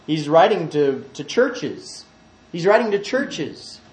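High-voiced preacher in an echoey hall. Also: male voice, very animated, slow pace. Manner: swings from quiet asides to loud emphatic scripture reading. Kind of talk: sermon.

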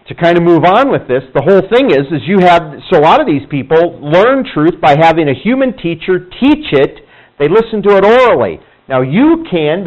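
A male Bible teacher talks to his class in a relaxed, conversational way. His somewhat high voice rises and falls a lot as he acts out the people in his stories. The recording sounds muffled and lo-fi. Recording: dull lo-fi room recording.

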